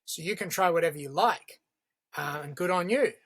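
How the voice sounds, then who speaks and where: Measured, emphatic actor. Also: male voice, a little high, a bit bright, husky. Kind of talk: casual roundtable chat.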